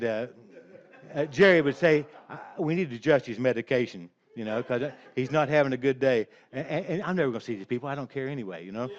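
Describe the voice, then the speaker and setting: An older man telling a rambling, folksy personal story, chuckling along as he goes. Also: medium pitch. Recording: dull lo-fi recording.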